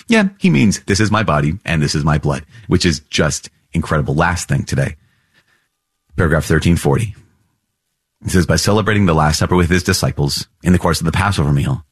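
A man hosting a podcast, teaching in an earnest, animated way with warm storytelling and chuckles. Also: low-pitched, slightly rough, no echo, clean studio sound. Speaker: priest podcast host.

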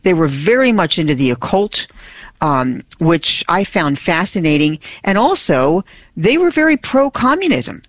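A woman's voice: lowish voice, sing-song, a little slow, no room sound, lo-fi sound. A woman who is a regular on a Catholic radio talk show, talking eagerly with restarts, heard over a remote line. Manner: enthusiastic, with restarts. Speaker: regular co-host.

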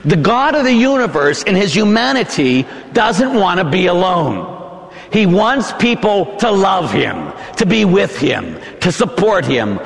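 A man, a Catholic priest, preaching a dramatic sermon that swings from hushed to shouting, in a church. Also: sits high, very animated, unhurried, vocal fry, big-room sound.

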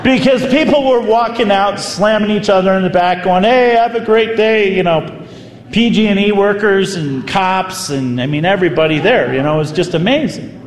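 A man, a priest, telling a story in a sermon with animated, vivid delivery. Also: high-pitched, moderate pace. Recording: echoey hall, faint ambience.

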